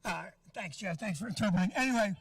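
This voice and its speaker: A man's voice: high-pitched, fast, gravelly, no echo, recorded from a distance. A middle-aged man doing a stand-up set in a comedy club, brash and profane as he teases the crowd. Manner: brash, profane, teasing the audience.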